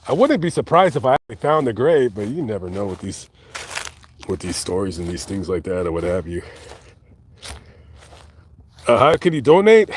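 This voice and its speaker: A man live-streaming outdoors in a cemetery, talking casually and reading viewer comments, with many halting restarts and fillers. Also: on the low side, slight background noise. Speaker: vlogger reading live chat.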